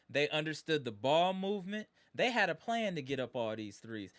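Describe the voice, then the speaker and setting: A man's voice: on the high side, big pitch swings, moderate pace, few pauses, fairly bright tone. A man hosting a live sports stream, ranting in exasperation as a disappointed fan and repeating his points. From Wisconsin.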